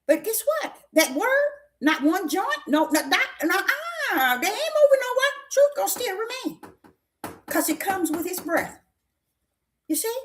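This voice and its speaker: High, animated woman preaching. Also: unhurried, a little hiss or hum. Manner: emphatic, repetitive, questioning the listeners; folksy, with breaks into laughter. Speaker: prophetess preaching. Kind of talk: sermon.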